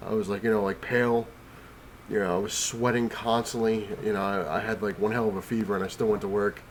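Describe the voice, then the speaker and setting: There's a little hiss or hum as a man speaks quickly in a lowish, flat voice. Sick and breathless, the comic collector vlogs from his couch at home, rambling casually and riddled with fillers and restarts.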